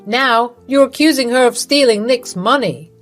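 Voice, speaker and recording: A woman's voice: fairly high pitch, moderate pace, a bit bright, faint music behind, pitched above the performer's own voice, close to an everyday voice. A woman voicing a worried, earnest husband in a narrated story. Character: worried husband, man, apologetic.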